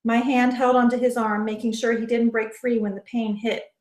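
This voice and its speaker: A woman author reading her first-person novel aloud in soft, measured narration. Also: fairly high pitch, little pitch movement. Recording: roomy echo.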